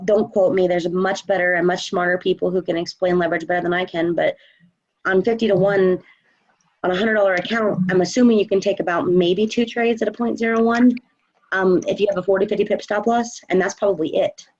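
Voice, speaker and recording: A confident woman talks through questions in a loose live chat, sure of her views and chatty. Her voice sits at a middle pitch and comes through dull, lo-fi stream audio. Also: fairly even intonation, brisk, a little mellow. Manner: confident, chatty, many fillers. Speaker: trading coach.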